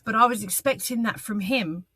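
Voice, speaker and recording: A woman, telling her own story as an interview guest in a halting, earnest way, with frequent ums and restarts. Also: on the high side, pushed and bright, slightly rough, no echo. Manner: earnest and candid. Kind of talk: personal testimony in an interview.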